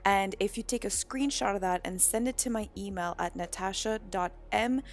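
A woman's voice: medium pitch, moderate pace. A woman hosting her own podcast as a coach, talking casually about spirituality, laughing often and swearing freely while she tells stories. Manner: laughing, swearing, animated storytelling.

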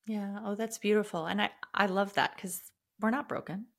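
Woman podcast host, animated and chatty, middle pitch. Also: moderate pace, gravelly. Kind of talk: casual interview conversation.

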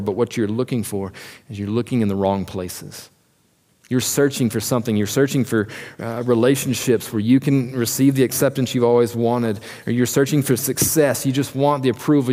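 In a church hall, a pastor with a medium-pitched, darkish voice delivers an earnest sermon, asking listeners direct questions. Long hall reverb colors the recording.

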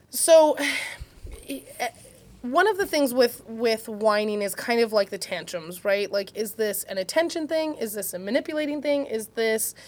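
A woman co-hosting a casual parenting chat, talking in a loose way with many fillers and restarts. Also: on the high side. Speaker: parenting podcast co-host.

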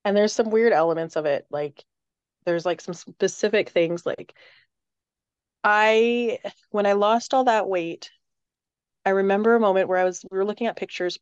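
A woman's voice: mid-range voice, normal speed, smooth, dry recording, muffled recording. A woman, likely in her thirties, talking candidly in a casual chat, swearing freely and laughing often. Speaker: podcast guest.

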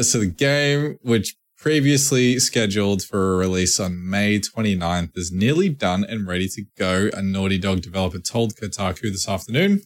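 A man co-hosts a casual podcast with a fairly low voice. He reads news items aloud in a slightly formal tone, then breaks into jokey, profane riffs. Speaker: podcast co-host.

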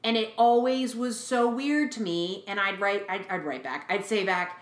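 A woman in her forties with a medium-pitched voice talks a little slowly, with few pauses, in an echoey room. Co-hosting a podcast, she chats animatedly, packing her retellings with fillers and imitated voices.

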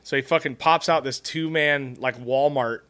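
Man, podcast host, bright forceful voice, swears a lot, casual storytelling. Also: mid-range voice, fairly even intonation, normal speed, clear, resonant tone. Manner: profane, storytelling, laughs often.

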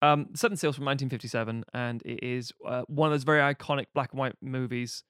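A man's voice: mid-range voice, fairly even intonation, quick pace, fairly bright tone, clean tone, dry recording, studio quality. A man chatting casually as a podcast co-host, rambling, profane and jokey as he recaps a film.

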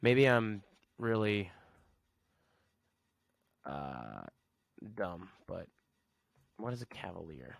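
A man's voice: low voice, sing-song, very slow, vocal fry, pauses often, no room sound, studio quality. A man hosting a podcast, rambling sarcastically in a casual solo rant and chuckling at his own jokes. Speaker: podcast host.

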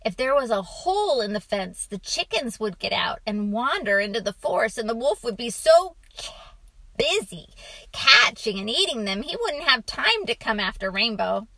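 A woman voicing a patient, gently teasing father who tells his son a bedtime story, in a storybook reading. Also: fairly high pitch, big pitch swings, normal speed, full character voice.

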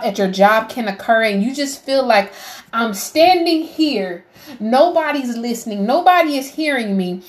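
A woman giving a heartfelt devotional talk, emotional and preacherly, rising to fervent appeals. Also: medium pitch. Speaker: faith vlogger.

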